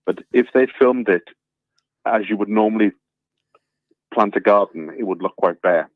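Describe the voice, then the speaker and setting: A man calling in by phone, telling a story in a relaxed way with many fillers, over a tinny phone line. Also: lowish voice, normal speed, no echo. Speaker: caller. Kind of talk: casual phone chat.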